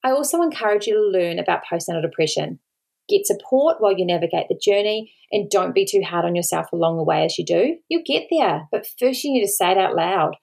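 A woman's voice: fairly low pitch, lively intonation, a little fast, gravelly, a little mellow. An Australian woman, a podcast host and mother, talking earnestly and pleadingly to listeners, near tears, repeating words for emphasis. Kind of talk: solo podcast talk.

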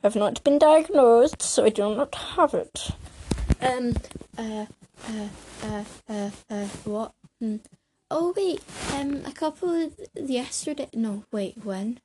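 A hyper young woman rambles from her bed, a bit out of breath and tripping over fillers. Her voice sits fairly high but she drawls slowly between bursts. The home recording carries a clear layer of background noise. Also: animated, mellow, rough recording. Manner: hyper and scattered, many fillers and restarts. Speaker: vlogger. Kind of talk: rambling casual monologue. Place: bedroom, sitting on a creaky bed.

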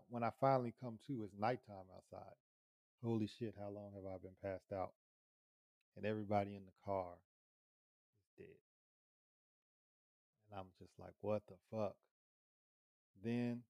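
A man casually telling a long story, lively, cursing, acting out his own lines. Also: fairly low pitch, no echo. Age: adult with children. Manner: animated, swears, acts out his own lines.

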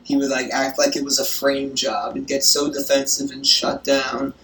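A woman's voice: extremely low pitch, flat delivery, normal speed, heavy background noise. Young woman gossiping with lots of swearing. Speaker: grandchild on the phone. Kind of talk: casual phone chat. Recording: roomy echo, distant from the mic.

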